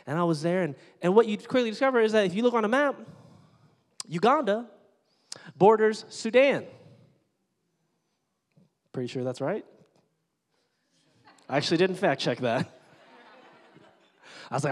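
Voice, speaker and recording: Candid pastor preaching in a reverberant hall. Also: male voice, fairly high pitch, lively intonation, a little fast, long pauses. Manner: candid, jokey and conversational. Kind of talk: sermon.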